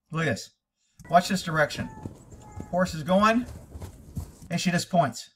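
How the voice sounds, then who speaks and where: A man's voice: high-pitched, a bit bright, distant mic. A man critiquing a training video as a horse trainer, blunt, profane and lecturing.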